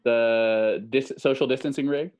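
A man's voice: mid-range voice, steady tone, a little slow, darkish tone, low-quality recording. A man co-hosting a podcast over a video call, chatting casually and reading out headlines for a guessing game. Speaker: podcast co-host.

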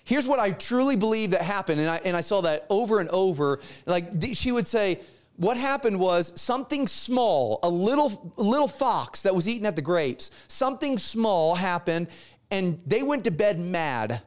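Brief: middle-aged man, pastor, high-pitched voice, animated storytelling sermon. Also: normal speed. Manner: animated storyteller acting out dialogue.

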